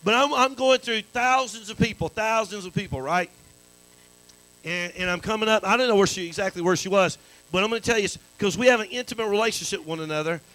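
Preacher guy, high bright voice, keeps calling out to the church, low hum under it. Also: fast talker, low-quality recording. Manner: call-and-response preaching, repetitive restarts. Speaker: pastor. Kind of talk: sermon.

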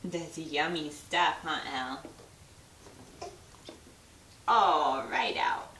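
A woman's voice: low voice, very slow, pushed and bright. A woman filming her baby's feeding at home, talking to the baby and the dog in a sing-song baby voice with lots of laughter. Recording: echoey room with faint noise.

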